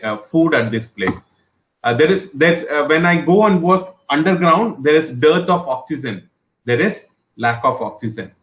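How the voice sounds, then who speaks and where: A male trainer explaining English words in an online class, repeating each word and giving example sentences in an encouraging way, with many pauses and restarts. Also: a little high, a bit bright, reverberant, rough recording. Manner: frequent fillers and restarts, encouraging.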